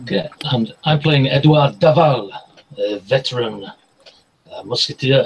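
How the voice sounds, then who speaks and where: A man's voice: mid-range voice, slow, vocal fry, pauses often, slight background noise, rough recording. A man playing in a tabletop game, playfully introducing his character. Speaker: player. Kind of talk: casual chat at a tabletop game.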